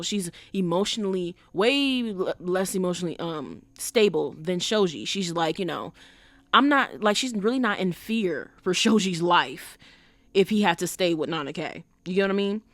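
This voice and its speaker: A woman hosting a podcast, talking in an animated, emphatic casual way with rhetorical questions and lots of fillers. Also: on the low side, no echo. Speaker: podcast host. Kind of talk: casual commentary.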